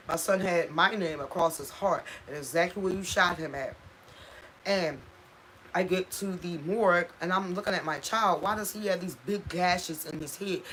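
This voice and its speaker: A woman with a lowish, slightly bright voice talks on a home live stream, with some background noise present. She's raw and impassioned, repeating points for emphasis and stopping to thank her viewers in emotional, casual talk.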